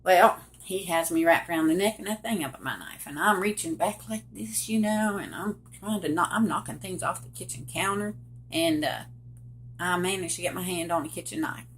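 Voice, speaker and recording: A woman's voice: fairly low pitch, fairly bright tone. A middle-aged woman telling a personal story straight to the viewers, emphatic and direct. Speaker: survivor telling her story.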